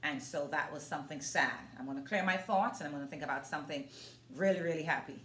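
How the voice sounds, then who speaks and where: A woman's voice: low-pitched, fast, a bit bright, a little hiss or hum. A woman vlogging in an earnest, casual way, talking straight to her viewers as a motivational vlogger. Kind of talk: casual demonstration vlog. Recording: roomy echo.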